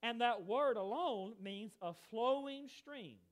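A man from the United States preaching a sermon, animated and emphatic, with chatty asides to his congregation. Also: very high voice, takes it slowly.

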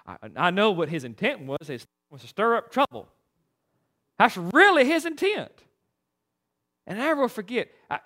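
Preaching from the pulpit, this male pastor has an unusually high voice that bounces around animatedly and emphatically. His sermon carries a bright, sharp tone, and he stumbles and restarts quickly while pressing his message.

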